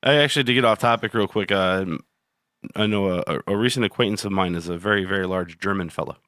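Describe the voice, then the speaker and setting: A man with a lowish voice talks loosely and profanely on a podcast. He rambles from one thought to the next and laughs easily. The sound is close and dry, with no room in it. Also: quick pace, a bit bright, no echo. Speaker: podcast co-host. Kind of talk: casual chat.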